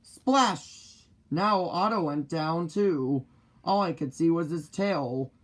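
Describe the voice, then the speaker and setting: A man reading a children's picture book aloud in the first person, slow and deliberate. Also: a little high. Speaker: storybook reader.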